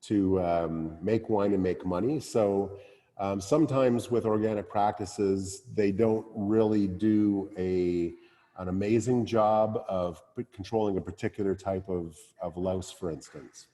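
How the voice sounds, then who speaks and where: Male winemaker, mellow low voice, hesitant casual talk, long reverb around him. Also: steady tone, unhurried. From Canada. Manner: hesitant, many fillers and restarts. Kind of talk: casual talk at a virtual wine tasting.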